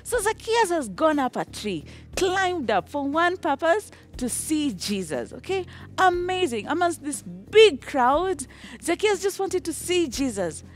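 A woman teaching a children's Bible lesson, telling the story with lively animation, breaking into song and checking in with "okay?". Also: high-pitched, a little slow. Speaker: Sunday school teacher.

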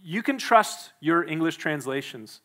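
A male pastor preaching a sermon in a church, emphatic and quick to act out the people he quotes. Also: a little high, expressive, fairly bright tone. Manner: emphatic, acts out the quoted speakers.

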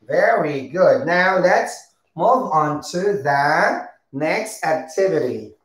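A woman teaching a preschool circle-time lesson, speaking slowly and patiently, repeating words and praising often. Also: low voice, lively intonation. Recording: roomy echo.

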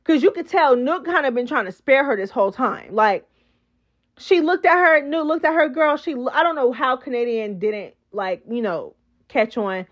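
A woman's voice: high voice, normal speed, highs cut off. A woman hosting a casual reality show recap, chatty and slangy, talking straight to her viewers. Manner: chatty, slangy, animated, addresses viewers as girl.

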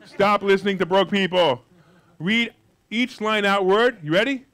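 A man giving a live motivational money seminar, brash and jokey, with loud outbursts and quiet asides. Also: sits high, a little slow. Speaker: seminar speaker.

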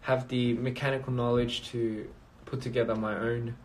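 A man's voice: mid-range voice, flat delivery, normal speed, background noise. Man rambling on a phone livestream. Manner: rambling, reads out viewer comments. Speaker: livestream host. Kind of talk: casual livestream chat.

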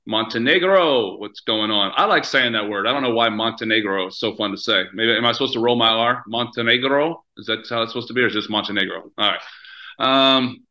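A man's voice: mid-range voice, quick pace, sharp tone, highs cut off. A man from the United States hosting a company video call, upbeat and hyped, with lots of fillers and restarts. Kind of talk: casual webinar hosting.

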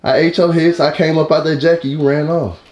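A man's voice: on the high side, steady tone, brisk, darkish tone. A young man, teasing and laughing in a casual prank vlog. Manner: playful, teasing, laughing often. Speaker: vlogger. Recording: echoey room with light noise.

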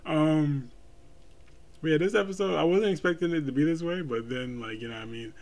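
A man's voice: fairly high pitch, fairly quick, darkish tone. A man hosting a reaction video, chatting loosely with his viewers and rambling through his thoughts. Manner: loose and rambling, laughs often. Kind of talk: casual reaction chat.

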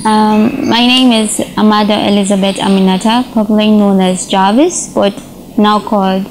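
A woman's voice: medium pitch, steady tone, normal speed, darkish tone, low-quality recording. A young woman with a Nigerian accent talks easily as an interview guest, often tagging her sentences with "yeah?". Her voice is in the middle range for a woman. A faint noise sits in the background. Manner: casual, ends phrases with "yeah?". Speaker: interview guest, social media performer. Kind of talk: casual interview answers.

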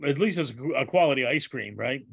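A man chiming in as the co-host sidekick with quick, wry comebacks. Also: medium pitch, animated, creaky, fairly bright tone, husky. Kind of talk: casual chat.

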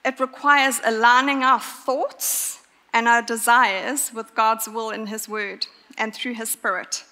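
A woman delivers a sermon earnestly, her bright, forceful voice pitched fairly high and her intonation fairly even. She hammers her key points with emphatic pauses, and the church hall gives everything a long echo.

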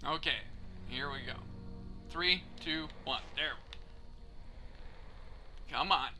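A man's voice: on the high side, slow, long pauses, slight background noise. A man giving casual let's play commentary, joking and swearing at the character on screen. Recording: game music loud behind voice.

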